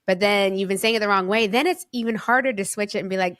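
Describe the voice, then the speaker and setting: A woman's voice: medium pitch, quick pace, fairly bright tone, no echo, studio quality. A woman hosting a podcast, chatting casually and using many fillers. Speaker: podcast host. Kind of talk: casual conversational interview.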